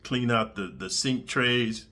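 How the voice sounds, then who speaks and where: A man hosting his channel, telling crude prison stories in a blunt, streetwise, animated way full of slang. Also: mid-range voice, takes it slowly. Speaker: channel host. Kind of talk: crude prison storytelling monologue.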